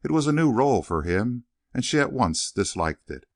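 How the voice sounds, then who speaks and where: A man narrating a western novel in an expressive storytelling manner, recorded close to the mic. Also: mid-range voice, normal speed, no echo. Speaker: audiobook narrator.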